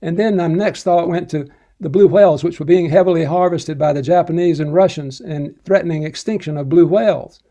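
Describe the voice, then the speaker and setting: Older male spiritual teacher, slightly high and mellow, telling personal stories gently. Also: muffled recording. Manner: gentle, unhurried storytelling with soft chuckles. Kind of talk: recounting personal devotional stories.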